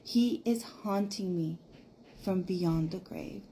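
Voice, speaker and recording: A woman tells a spooky personal story in an animated, dramatic way, cursing as she goes. Her voice has a mellow, soft tone, and faint noise hums under the recording. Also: lowish voice, slow. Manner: animated, dramatic, swears freely. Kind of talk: casual storytime.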